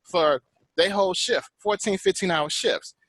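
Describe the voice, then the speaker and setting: A man's voice: sits high, a little slow, a bit bright, no room sound, poor audio. A man talking in a casual group podcast chat, venting with frustration and rising emphasis. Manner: exasperated ranting.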